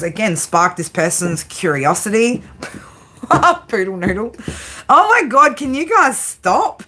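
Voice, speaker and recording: A woman's voice: on the low side, a bit bright, a little hiss or hum. An Australian woman doing a casual tarot reading, chatty and brash, swearing often and giggling. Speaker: tarot reader.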